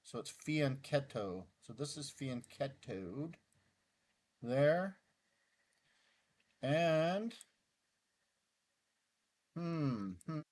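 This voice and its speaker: Slow, muttering man thinking aloud. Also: fairly high pitch, animated, a little mellow. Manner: mutters through moves, self-deprecating outbursts. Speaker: chess YouTuber solving puzzles. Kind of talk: casual thinking-aloud commentary.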